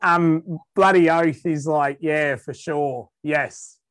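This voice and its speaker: This is a relaxed Australian man who talks slowly and unhurriedly, his voice sitting a little high for a man. He chats casually as a podcast guest, laughs easily and often trails off to restart his sentences. The recording is dry and close, with no room sound around him. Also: no room sound. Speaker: guest musician.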